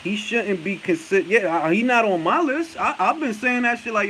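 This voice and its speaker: Fired-up high-voiced man ranting. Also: normal speed, hardly any pauses, slight background noise, low-quality recording. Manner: animated, profane, emphatic repetition. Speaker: boxing talk show host. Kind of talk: casual chat, heated rant.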